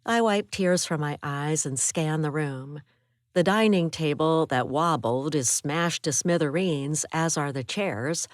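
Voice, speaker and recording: A woman narrating a first-person thriller audiobook in a measured, expressive way. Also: sits low, no room sound, clean studio sound.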